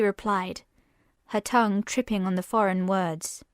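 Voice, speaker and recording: A woman narrating a science-fiction audio serial at a slow, measured pace. Her voice sits in a middle range and stays steady through the telling. The recording is dry and close with no room sound. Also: mid-range voice, no echo. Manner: measured, unhurried storytelling. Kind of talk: scripted audio-drama narration.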